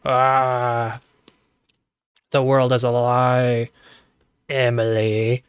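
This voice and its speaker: A man putting on a sinister male phantom that taunts in a slow, drawn-out way. The voice is a touch louder than his usual talk, pushed forward and mocking. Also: mid-range voice, completely flat delivery, clean tone, dry recording, clean studio sound. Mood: taunting.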